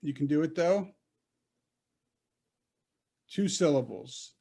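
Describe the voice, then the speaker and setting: A man's voice: fairly high pitch, animated, vocal fry, mellow. A man teaching a Hebrew reading class over a video call, coaching patiently and sounding out syllables. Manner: patient, coaching, slow and deliberate. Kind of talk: online class instruction.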